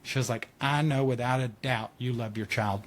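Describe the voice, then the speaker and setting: A man's voice: medium pitch, steady tone, normal speed, slight background noise. A man on a podcast telling a personal story in casual chat, acting out quotes and laughing often.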